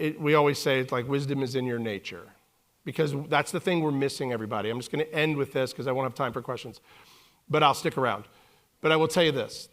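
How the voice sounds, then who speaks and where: A man in his forties giving a humorous keynote on stage, telling stories with lively acted-out quotes. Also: mid-range voice. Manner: animated, jokey, acts out quotes in voices. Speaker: keynote speaker. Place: conference stage.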